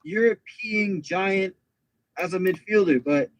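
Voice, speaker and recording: A man co-hosting a casual soccer podcast over an online call, talking straight to the listeners in an animated way. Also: sits high, slow, rough recording. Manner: animated, addresses listeners directly. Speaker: podcast co-host.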